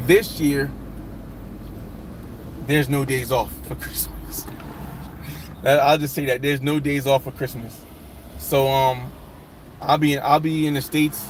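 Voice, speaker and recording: A man's voice: on the high side, fairly even intonation, measured pace, long pauses, slight background noise. A man hosting a casual live chat, rambling with many restarts and fillers.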